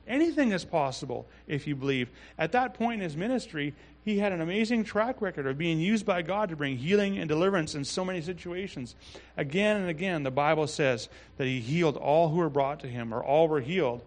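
A pastor preaching a sermon in a relaxed, conversational way, reading scripture and adding asides. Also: male voice, a little high, fairly quick. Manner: conversational, with frequent restarts and asides.

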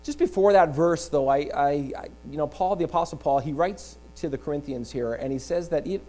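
A man's voice: a little high, fairly quick. A middle-aged man, a pastor preaching a sermon, telling a funny story with frequent laughs. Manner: animated storyteller, often laughing.

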